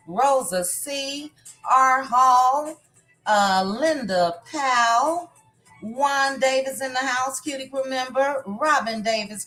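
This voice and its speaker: A woman's voice: fairly high pitch, fairly bright tone. A woman hosting a casual live stream, greeting viewers one by one by name in a chatty, upbeat way. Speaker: livestream host.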